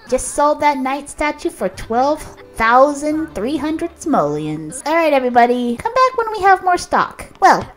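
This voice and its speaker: A woman giving casual commentary over a life-sim game, chatting to her characters and reacting with quick exclamations. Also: high voice. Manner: chatty, talks to her sims, lively reactions. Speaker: let's play host.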